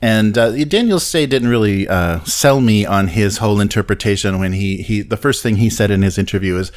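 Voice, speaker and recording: A man hosting a casual tabletop games podcast, chatting with lots of fillers, quick laughs and skeptical asides. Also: lowish voice. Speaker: podcast host.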